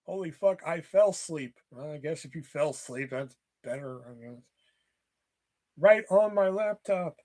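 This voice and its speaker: A man's voice: fairly high pitch, lively intonation, measured pace, darkish tone. A man hosting a live stream, chatting casually and ranting in mock anger with plenty of swearing. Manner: profane, rambling, mock-angry ranting. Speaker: livestream host.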